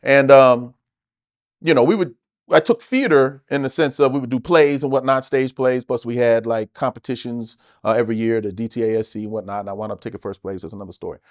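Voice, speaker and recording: A man from the United States, an actor guest telling stories in a casual interview, animated and emphatic, with plenty of swearing. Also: mid-range voice, brisk, no echo, clean studio sound.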